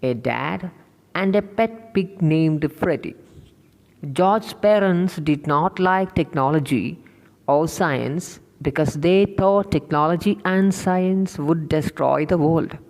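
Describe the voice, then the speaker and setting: A man teaching an English lesson. He explains the textbook slowly and carefully, speaking directly to his students. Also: on the high side, vocal fry, a little mellow, in a large hall, rough recording.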